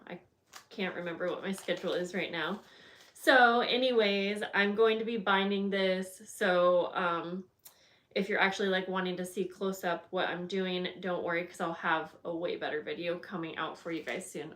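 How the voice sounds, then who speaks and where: Chatty woman rambling while crafting. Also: mid-range voice. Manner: rambling, chatty, many fillers and restarts; friendly, greets viewers by name. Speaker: craft channel host. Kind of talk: casual livestream chat while crafting.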